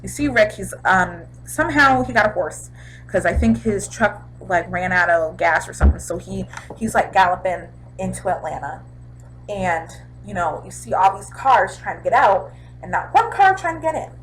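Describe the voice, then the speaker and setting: A young woman casually recapping a TV episode in a chatty, animated way, throwing in sound effects. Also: on the low side, normal speed, slight background noise, poor audio. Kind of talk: casual chat.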